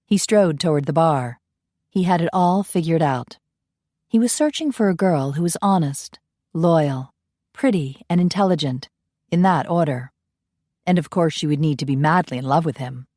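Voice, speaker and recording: Low, mellow woman audiobook narrator. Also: moderate pace, dry recording, studio quality. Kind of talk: scripted narration.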